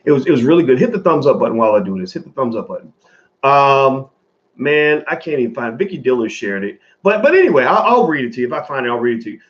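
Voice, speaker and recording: A man's voice: medium pitch, lo-fi sound. A man in his forties giving casual, rambling commentary straight to his viewers, swearing freely.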